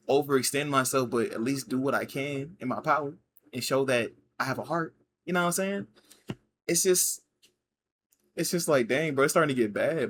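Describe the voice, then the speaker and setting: A man's voice: medium pitch, a bit bright, slight background noise. Laid-back slangy man telling stories. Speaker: commentator reacting to clips. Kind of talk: casual reaction commentary.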